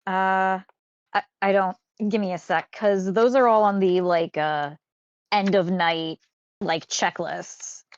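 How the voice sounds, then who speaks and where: A woman's voice: medium pitch, steady tone, takes it slowly, dry recording, muffled recording. A woman chatting casually about game lore as host, rambling with many fillers and restarts.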